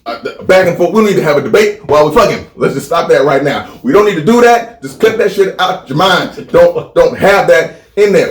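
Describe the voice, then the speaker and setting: Podcast co-host, man, rants hard and curses, higher-pitched voice, echoey room. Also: brisk, few pauses. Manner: animated, profane, repeats phrases for comic buildup. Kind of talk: crude comedic podcast rant.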